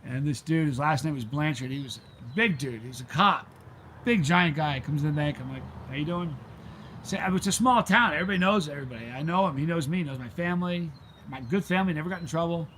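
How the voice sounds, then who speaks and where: Man, middle-aged, casual live-stream chat, rambling, slightly high voice, faint background noise. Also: expressive, quick pace, a bit bright. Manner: rambling, easily sidetracked storyteller. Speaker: channel host reading live chat.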